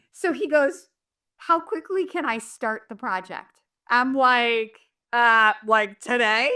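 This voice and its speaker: A woman's voice: high-pitched, lively intonation, slow, pauses often, bright, forceful tone. A middle-aged woman from New England telling a story casually and animatedly, acting out the people she quotes and using many fillers. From southern New Hampshire. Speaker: manifestation coach.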